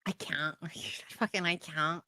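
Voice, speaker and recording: A woman's voice: fairly low pitch, fairly even intonation, a little slow, poor audio. A young woman streaming a co-op horror game, swearing and laughing often. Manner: loud, swearing, laughing a lot. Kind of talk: casual let's-play chat.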